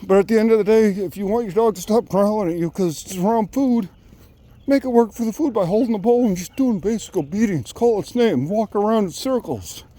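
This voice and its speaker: Winded man, rambling dog-trainer talk, mellow and a bit high-pitched. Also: fairly quick. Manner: rambling, repeats and restarts words. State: out of breath. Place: outdoors walking a dog.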